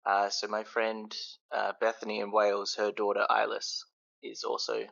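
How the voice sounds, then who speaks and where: A man from Australia, a podcast guest, chatting in a relaxed way with ums. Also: on the low side, normal speed, creaky, lo-fi sound. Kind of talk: casual podcast chat.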